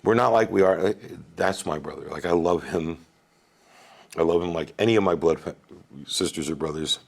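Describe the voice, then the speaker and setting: A man in his forties from Wisconsin, a podcast guest telling his life story in a casual, animated and profane way, often asking "right?". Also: deep voice, normal speed, gravelly.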